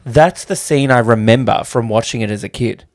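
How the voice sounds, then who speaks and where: A man co-hosting a casual film-review podcast, chatty and agreeable, quick to laugh along. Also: medium pitch, dry recording, studio quality. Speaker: podcast co-host.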